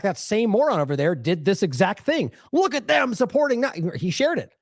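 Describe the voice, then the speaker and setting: Animated sarcastic male commentary host. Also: a little high, no room sound, studio quality. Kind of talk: opinionated commentary.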